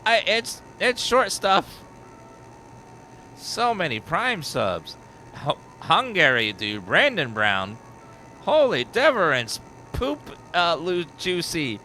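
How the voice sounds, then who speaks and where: A man doing live gameplay commentary on a horror game, excitable and chatty. His bright voice swoops up and down in pitch as he rattles off viewer names. A faint noise sits behind him. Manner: excitable, rapid-fire reading of viewer names. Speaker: game streamer.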